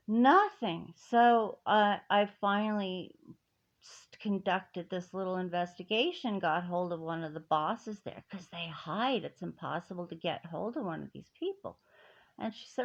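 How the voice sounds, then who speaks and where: A woman's voice: mid-range voice, animated, measured pace. A middle-aged woman telling a personal grievance in an emphatic, indignant way, with many restarts. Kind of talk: personal story, speaking to camera. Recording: dull lo-fi audio.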